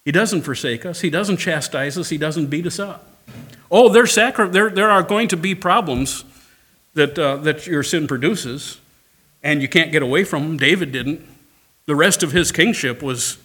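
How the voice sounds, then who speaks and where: A male pastor preaches with emphatic, repeated phrases. His voice is husky and sits a little high for a man. He calls out for amens from the congregation. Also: a bit bright. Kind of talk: sermon.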